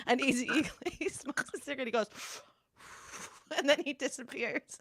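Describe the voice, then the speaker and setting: A woman's voice: high voice, moderate pace, creaky, a bit bright, no room sound, clean studio sound. A woman co-hosting a casual comedy chat, telling a silly story through giggles. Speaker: co-host.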